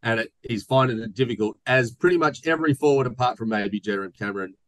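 A man's voice: medium pitch, fast talker, fairly bright tone, no room sound, low-quality recording. A man co-hosting a podcast, chatting casually and joking while reading listener mail aloud. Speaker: podcast co-host. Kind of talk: casual chat.

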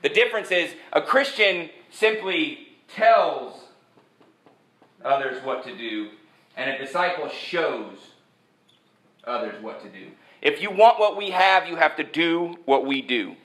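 A man preaching a sermon, animated and joking, who jumps from point to point. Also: fairly high pitch, measured pace. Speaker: pastor. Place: church sanctuary. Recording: echoey church sanctuary.

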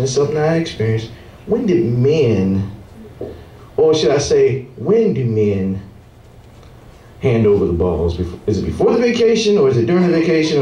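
Telling hotel stories in his stand-up set, a man brings the guests and singing waiters to life with animated storytelling. Captured on a comedy club stage by a distant mic, the sound is roomy with a little hiss or hum, and his pitch is medium.

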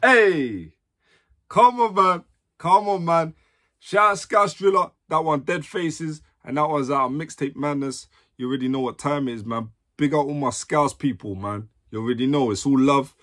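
A man's voice: mid-range voice, normal speed, a bit bright. A man from London with a London accent, hosting a music reaction video with hyped, slangy commentary.

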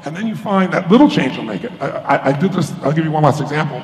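A man's voice: fairly high pitch, expressive, fast talker. A man giving a motivational keynote talk to a live audience, telling stories and acting out the voices of people in them. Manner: storytelling, acts out quoted voices. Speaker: motivational speaker. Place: large conference hall. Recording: echoey hall with faint ambience.

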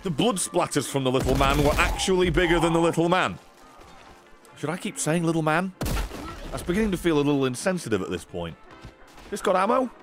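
A man's voice: on the high side, very animated, brisk, long pauses. Sweary man commentating a game. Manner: sweary, sarcastic, swings between mutters and shouts. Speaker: game streamer. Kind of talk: comedic gameplay commentary. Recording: game music behind voice.

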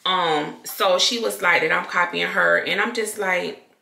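A woman YouTuber talking candidly to her viewers, loud and expressive, in casual talk to camera. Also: fairly low pitch, unhurried, creaky. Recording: echoey room.

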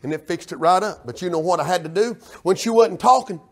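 High-voiced preacher, folksy and fervent. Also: male voice, fast. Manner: loud, animated preaching with folksy storytelling. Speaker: pastor. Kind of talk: sermon.

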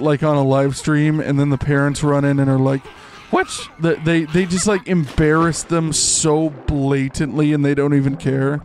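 A young man with a fairly high voice streams a game live, talking in a goofy, excitable ramble full of "like"s. Faint game music plays underneath his voice. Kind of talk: live gameplay commentary.

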